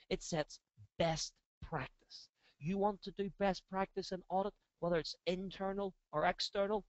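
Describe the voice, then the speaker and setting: A man's voice: fairly high pitch, no room sound, muffled recording. A man giving a webinar lecture as a training instructor, stressing key words and asking rhetorical questions.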